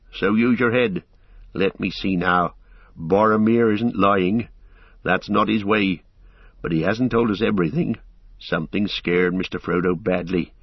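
A man's voice: on the low side, unhurried, slightly rough, no room sound, muffled recording. A man reading aloud, voicing a loyal, worried male hobbit servant. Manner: earnest, rustic and worried.

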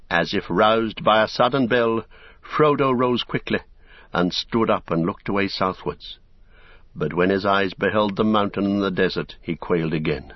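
A man narrating a novel in a measured, solemn storytelling manner. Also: low-pitched, no room sound, muffled recording. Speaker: audiobook narrator.

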